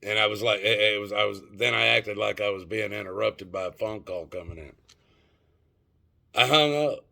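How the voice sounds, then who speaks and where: Gravelly low-voiced middle-aged man. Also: flat delivery, fairly quick, hardly any pauses, pushed and bright. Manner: rambling, profane, addresses viewers as folks. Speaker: vlogger. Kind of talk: casual storytelling and ranting to viewers.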